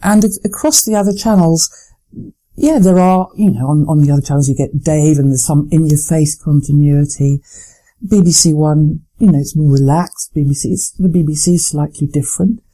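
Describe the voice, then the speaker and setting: Middle-aged woman, former announcer, polished speech, very mellow dark tone, measured delivery. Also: sits low, low-quality recording. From Lancashire, England. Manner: measured, articulate, hesitant restarts. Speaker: former continuity announcer, guest. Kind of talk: interview answers.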